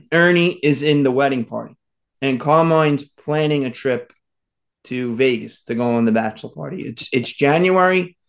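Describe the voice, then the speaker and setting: A man's voice: mid-range voice, normal speed, vocal fry. A man on a podcast telling a long story in a rambling way, full of fillers and restarts. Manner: rambling, full of "like" and "you know". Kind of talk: casual storytelling chat.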